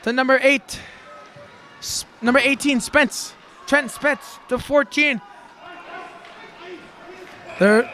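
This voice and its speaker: A man calling a live hockey game play-by-play, excitable and folksy, shouting during rushes and a bit out of breath. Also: very high voice, faint music behind. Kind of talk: live sports commentary.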